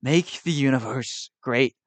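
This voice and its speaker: A man doing a hesitant impression of a blustery older male politician with a New York accent, drawing out a slogan slowly. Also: medium pitch, dry recording, lightly acted. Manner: slow, drawn-out slogan delivery.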